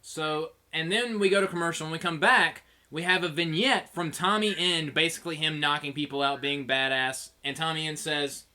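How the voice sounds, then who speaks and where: A man co-hosting a casual podcast, telling stories in an animated way and laughing often. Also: on the high side, moderate pace, few pauses. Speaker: podcast co-host. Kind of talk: casual chat.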